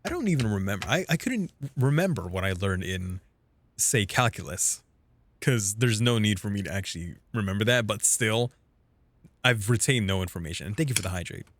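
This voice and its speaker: A man's voice: fairly low pitch, lively intonation, fairly quick, fairly bright tone, dry recording. A man streaming a game, chatting casually in a rambling, self-deprecating way. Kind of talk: casual gaming chat.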